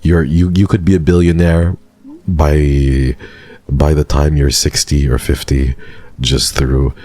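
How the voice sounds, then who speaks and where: A man's voice: a bass voice, steady tone, warm tone. A man in his twenties from Canada, streaming and chatting casually with viewers in a rambling way. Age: 20s. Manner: rambling, chatty, quick restarts. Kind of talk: casual chat with live chat.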